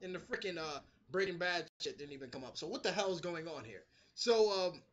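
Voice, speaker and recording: A man giving a casual, animated review of a TV episode, swearing freely and acting out the characters' lines. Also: a little high, fairly quick. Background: street construction noise.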